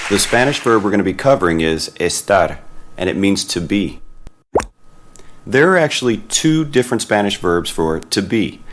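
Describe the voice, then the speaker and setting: Man, lower voice, steady clear teaching narration, animated lesson. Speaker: Spanish teacher.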